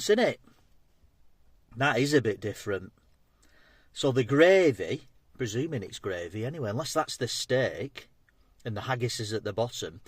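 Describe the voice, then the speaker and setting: A man's voice: medium pitch, no echo. Chatty man reviewing food. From England. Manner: chatty, matey, talks between bites. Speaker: food vlogger. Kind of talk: casual food review vlog.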